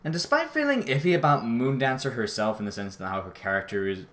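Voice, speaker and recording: A man giving a casual, rambling episode review, often correcting himself and apologizing, his voice jumping high when he gets out of breath. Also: animated, quick pace, fairly bright tone. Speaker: show reviewer.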